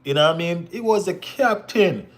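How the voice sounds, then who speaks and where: A man's voice: high-pitched, expressive, moderate pace, a bit bright. Bantering football-channel host, casual man. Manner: bantering, repeats "you know what I mean", talks to chat users. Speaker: football channel host reading live chat. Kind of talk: casual live-stream chat.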